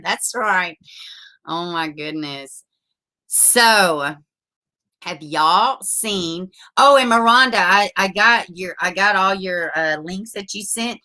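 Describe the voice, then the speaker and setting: A woman's voice: mid-range voice, bright, forceful tone. A woman, hosting a casual livestream, chatting with viewers, laughing often and swearing freely. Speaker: livestream host reading viewer comments.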